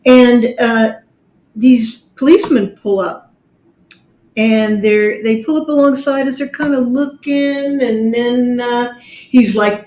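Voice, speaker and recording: A woman's voice: on the high side, steady tone, a little slow, a little mellow. Chatty middle-aged woman telling a story. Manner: chatty, acts out the people she quotes. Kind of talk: personal storytelling.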